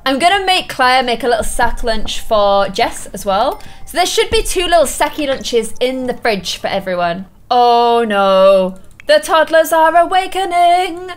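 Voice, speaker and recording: A woman giving excitable gameplay commentary, gasping often and exclaiming playfully to her viewers. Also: sits high, moderate pace. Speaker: video game streamer.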